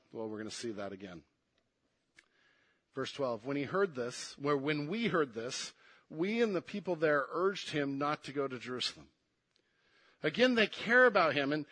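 Guy with a higher voice preaching, goes soft then punchy, stumbles over repeats. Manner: swings between hushed and emphatic delivery; repeats words when pressing a point. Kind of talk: sermon.

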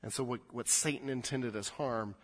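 A middle-aged man preaching a sermon, swinging from loud, emphatic scripture reading to quiet, intimate asides, often repeating words as he restarts. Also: mid-range voice, moderate pace, husky. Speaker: pastor.

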